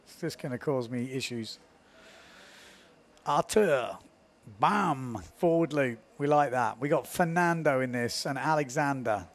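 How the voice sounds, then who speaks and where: A man's voice: mid-range voice, measured pace. Chatty self-mocking male sports commentator. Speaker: windsurf commentator.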